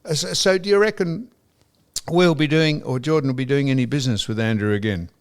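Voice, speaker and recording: An older Australian man in relaxed podcast chat, telling a long story with plenty of colour. He mimics the people he talks about and drops the odd swear word. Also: mid-range voice, a little fast. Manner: animated anecdote-telling, mimicking others, laughing, swearing. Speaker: podcast co-host.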